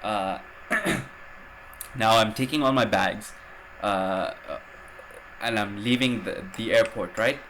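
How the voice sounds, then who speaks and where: A man's voice: lowish voice, slow, long pauses, a bit bright, a little hiss or hum. A man hosting a podcast, telling a travel story in a rambling, casual way, swearing and using lots of fillers. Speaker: podcast host.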